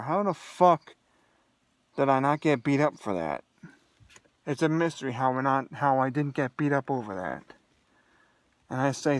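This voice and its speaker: A man's voice: fairly high pitch, no room sound. A young man on a vlog, ranting angrily and swearing heavily in a profane, agitated way. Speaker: vlogger. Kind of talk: angry solo rant to camera.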